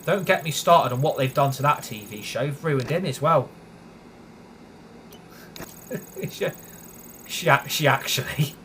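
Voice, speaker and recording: A man's voice: mid-range voice, lively intonation, a little slow, long pauses, fairly bright tone, slight background noise. A young British man streaming a racing game, chatting casually, grumbling and swearing when frustrated. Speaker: gaming streamer. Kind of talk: live gameplay commentary.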